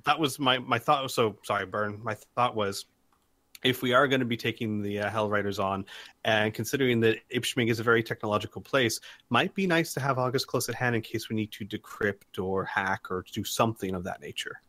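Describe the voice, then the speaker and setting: An earnest man with a fairly low voice, laying out a plan for his game group as he thinks aloud. The sound is dry and close to the mic. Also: fairly quick, sharp tone, no echo. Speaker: player. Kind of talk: tabletop game chat.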